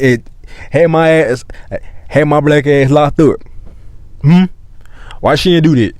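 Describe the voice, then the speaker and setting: A man's voice: mid-range voice, moderate pace, pauses often, a little mellow, dry recording, clean studio sound. Young man rambling through a profane story. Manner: profane slang-heavy rambling, repeats himself. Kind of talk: casual storytime vlog.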